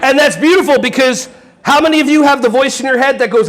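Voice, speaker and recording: A man's voice: extremely high pitch, fast talker, fairly bright tone. A man giving a playful workshop talk to a live audience, joking and quizzing the crowd. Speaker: conference presenter.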